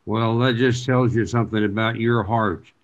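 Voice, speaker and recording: A man hosting an interview in a relaxed conversational way, praising his guest and asking about his career. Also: on the low side, normal speed, muffled recording. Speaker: interview host, former sportscaster.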